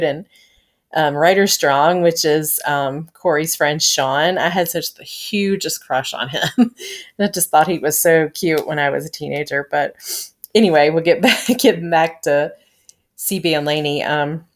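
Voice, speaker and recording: Gushing low-voiced woman reviewer. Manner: rambling, gushing, frequent laughs and sighs. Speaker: fan reviewer of a TV show. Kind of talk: casual gushing episode review.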